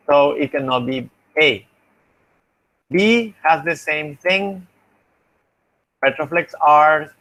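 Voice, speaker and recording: Slow-speaking male linguistics teacher. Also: on the high side, fairly bright tone. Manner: patient, explanatory, thinks aloud. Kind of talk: online class feedback lecture.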